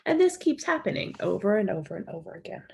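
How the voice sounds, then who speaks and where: A woman's voice: medium pitch, very animated, quick pace, gravelly, dark tone, breathy edge. A woman explaining a topic as a college lecturer in a recorded lecture, walking through slides and recapping key points.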